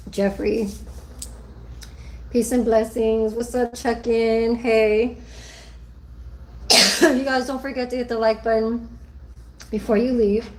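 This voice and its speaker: Slow-talking woman chatting on a livestream. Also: fairly high pitch, level tone. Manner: chatty, reads out viewer comments, many fillers. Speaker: livestream host. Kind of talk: casual live chat while eating lunch.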